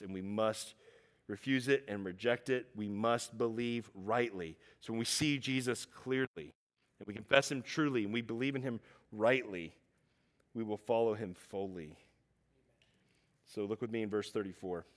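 A man preaching a sermon, animated, acting out quotes and swinging from loud emphasis to hushed asides. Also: lowish voice, moderate pace. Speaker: pastor.

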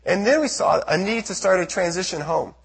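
A man from the United States giving an earnest testimony sermon to a church as a missionary speaker, telling his story with a husky voice. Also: high voice, animated, a little fast. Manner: earnest storytelling, acts out his own prayers and quotes.

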